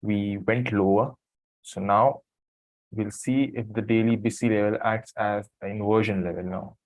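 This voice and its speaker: A man who has just woken from a nap, commenting on a live trading stream in a halting, apologetic way as he thinks aloud. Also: lowish voice, fairly even intonation, no echo, low-quality recording. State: just woke from a nap, morning voice.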